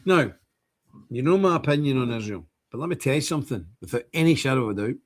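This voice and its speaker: A man's voice: medium pitch, lively intonation, quick pace. An older man hosting a livestream, talking casually and ranting indignantly in bursts. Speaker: streamer host.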